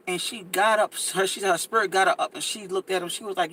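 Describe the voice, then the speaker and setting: High-pitched emphatic man in casual talk. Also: quick pace, hardly any pauses, husky, poor audio. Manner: emphatic, repetitive, animated storytelling with stutters. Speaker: podcast co-host. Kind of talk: casual conversational commentary.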